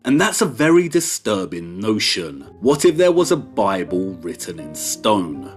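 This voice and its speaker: A man giving slow, deliberate scripted documentary narration with strong emphasis, over soft background music. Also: on the low side, very animated. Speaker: video essay narrator. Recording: soft music bed behind.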